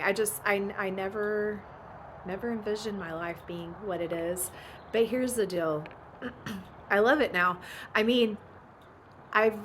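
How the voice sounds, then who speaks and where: Chatty bright-voiced Oklahoma mom. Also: female voice, mid-range voice, a little hiss or hum. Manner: chatty, laughs often, gets emotional. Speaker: vlogger and ranch mom. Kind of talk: casual chat.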